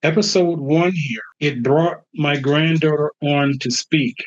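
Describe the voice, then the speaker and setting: A man's voice: a little high, steady tone, measured pace. An older man, a grandfather hosting a podcast, speaking earnestly about his grandchildren. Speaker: podcast host. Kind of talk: casual podcast talk. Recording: dull lo-fi sound.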